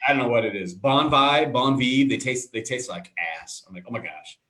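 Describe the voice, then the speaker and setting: A man's voice: mid-range voice, animated, a little fast, sharp tone. A man co-hosting a live web show, chatting casually, rambling through stories full of tangents and acted-out quotes. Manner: rambling storyteller, goes off on tangents; acts out quoted voices in his stories. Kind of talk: casual chat.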